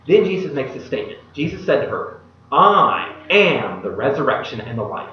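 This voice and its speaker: A male pastor giving a sermon and reading scripture aloud. He acts out the quoted speech in a casual modern voice and drops to a hushed voice at solemn moments. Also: mid-range voice, very animated, moderate pace. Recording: echoey hall, distant mic, dull sound.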